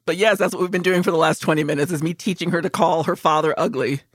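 A woman's voice: fairly low pitch, quick pace, no echo, studio quality. A woman co-hosting a podcast in casual chat, telling stories with lots of acted-out quotes and swearing freely. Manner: animated storyteller, swears freely, acts out quotes. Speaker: podcast co-host.

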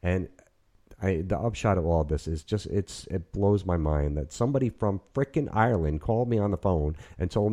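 Brief: fifties male host, deep mellow voice, rambly and excited. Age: 50s. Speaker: podcast host. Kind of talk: casual chat. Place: apartment.

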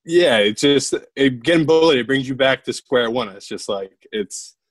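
A man's voice: mid-range voice, lively intonation, normal speed, dry recording. A man with a Philadelphia accent co-hosting a sports betting chat, confident and teasing. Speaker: podcast co-host.

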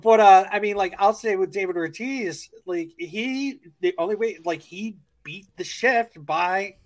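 Guy hosting a sports podcast, kinda high voice, chatty and full of ums. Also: a little slow. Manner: chatty, asks questions with many fillers and restarts. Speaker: podcast host. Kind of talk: casual sports podcast chat.

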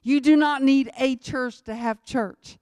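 Woman, church testimony speaker, emphatic and repetitive, slightly high, dry mic. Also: fairly even intonation, unhurried, a little mellow, no echo. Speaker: missionary speaker.

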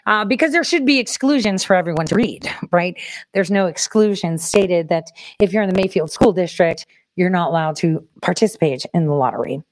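A woman's voice: fairly low pitch, expressive, brisk, dry recording, poor audio. A woman hosting a livestream, chatting casually and talking straight to her viewers. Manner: chatty, addresses viewers directly. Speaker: host.

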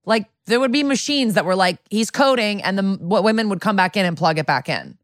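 A woman co-hosting a podcast in casual chat, chatty and quick to laugh, poking at plot holes. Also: mid-range voice, animated, dry recording, clean studio sound. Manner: chatty, laughs often, questions plot logic. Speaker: podcast co-host.

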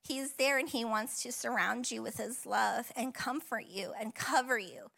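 Bright-voiced woman pastor, tearful and tender. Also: fairly high pitch, steady tone, normal speed, vocal fry. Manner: emotional, tearful at times, warm and encouraging; conversational with frequent fillers and laughs. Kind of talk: personal testimony sermon. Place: church auditorium.

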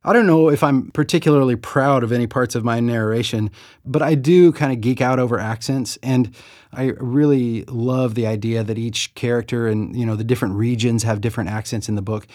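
Man, middle-aged, from the American South, chatty, self-deprecating, medium pitch, dry close studio sound. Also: fairly even intonation, a little fast, a little mellow, no room sound. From Southern United States. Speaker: author and audiobook narrator. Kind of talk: reflective interview monologue.

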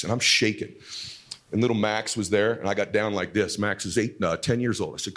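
Ein Mann, der aufgeregt und lebhaft eine Geschichte erzählt, oft flucht und immer wieder laut wird. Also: male voice, lowish voice, fairly quick. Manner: animated, swears freely, bursts into shouting. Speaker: father telling a story. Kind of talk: excited storytelling.

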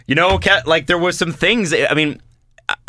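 Bright-voiced man, hesitant sports talk. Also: fairly high pitch. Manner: hesitant, restarts, measured analysis. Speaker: podcast co-host. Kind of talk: casual sports chat.

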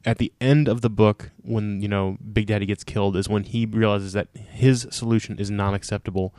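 A man's voice: fairly low pitch, fairly even intonation, fairly quick, warm tone, dry recording, studio quality. A man in casual podcast chat, earnestly arguing his point about a comic book. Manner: earnest, defends his view.

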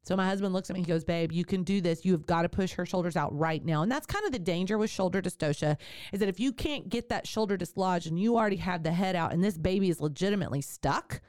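A woman podcast host candidly telling a personal story, animated and laughing often. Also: lowish voice, dry recording, studio quality.

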